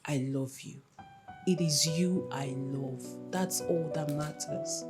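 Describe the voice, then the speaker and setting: A woman's voice: lowish voice, animated, measured pace, music in the background. A woman with a Nigerian accent, playing a young woman who coaxes and reassures her jealous boyfriend in a film. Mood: reassuring. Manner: coaxing, affectionate. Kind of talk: Nollywood film acting.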